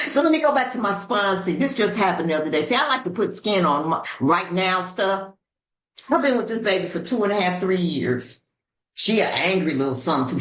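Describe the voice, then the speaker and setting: An older woman from Los Angeles speaking at a recovery meeting, telling her story in an animated, preacherly way with sudden voice shifts. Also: lowish voice, fairly quick, reverberant, poor audio. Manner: African American Vernacular English grammar. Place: meeting room.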